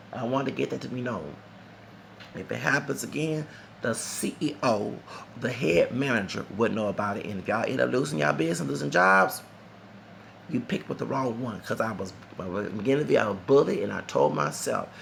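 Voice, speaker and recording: A man's voice: mid-range voice, vocal fry, a bit bright, a little hiss or hum. A man reviewing a concert in a vlog, talking in a heated, rambling and profane way. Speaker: vlogger.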